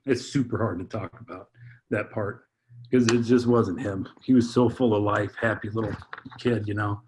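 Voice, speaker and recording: A man on a podcast, telling a heartfelt personal story in a halting way, full of restarts and repeated words. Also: fairly low pitch, fairly even intonation, a little mellow, a little hiss or hum. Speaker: podcast guest, father. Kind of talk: heartfelt personal testimony in conversation.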